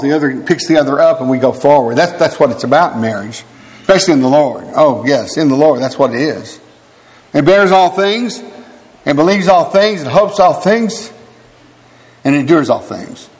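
A man in his sixties preaching a sermon, emphatic and animated, breaking into quick laughs and asides. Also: a little high. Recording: long reverb of a hall.

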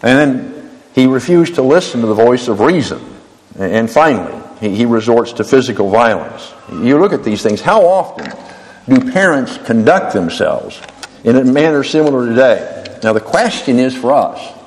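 A man's voice: mid-range voice, very animated, normal speed, darkish tone, big-room sound, rough recording. A man preaching a sermon, often stumbling and repeating words as he goes.

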